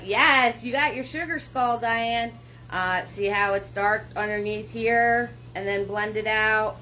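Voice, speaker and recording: Over poor audio with a little background hiss, a woman with a mid-range, somewhat bright voice teaches a live paint-along. Chatty and encouraging, she walks herself through each brush step at an unhurried pace, laughing softly as she goes.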